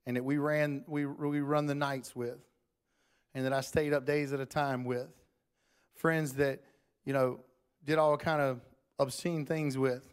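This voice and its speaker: Preaching a sermon in church, a man talks conversationally to the congregation in a Southern style, calling them "y'all," and closes in prayer. His medium-pitched voice is level, clear, and resonant, unhurried with long pauses.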